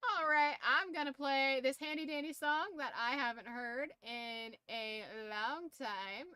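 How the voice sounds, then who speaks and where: A woman's voice: high-pitched, a little slow, sharp tone, no echo. A tired woman streamer chatting casually late at night, rambling loosely and swearing now and then.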